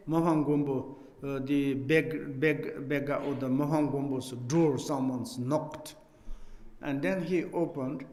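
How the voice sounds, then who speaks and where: A man, a Buddhist teacher, explaining a text and telling a story in halting, non-native English with many restarts, joking with his listeners. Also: mid-range voice, darkish tone, reverberant, in a large hall. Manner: jokes and laughs with listeners.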